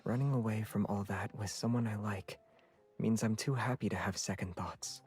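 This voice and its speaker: An actor voicing a calm, devoted young nobleman in a game, speaking quietly with old-fashioned formal phrasing and a soft, airy tone. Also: on the low side, normal speed. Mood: gentle. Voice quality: soft, airy, breathy delivery. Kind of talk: dubbed game dialogue. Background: faint game music.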